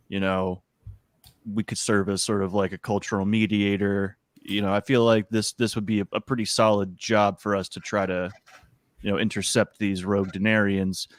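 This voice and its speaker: A man's voice: lowish voice, dry recording. A man playing a tabletop game who speaks diplomatically and hedges a lot. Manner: diplomatic, hedging. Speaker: player. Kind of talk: casual tabletop play.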